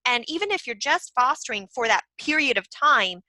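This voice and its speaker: Brief: woman host, casual chat, bright forceful tone, lively pitch swings, emotional delivery. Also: normal speed, no room sound, rough recording. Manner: expressive and emotional. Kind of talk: casual conversation.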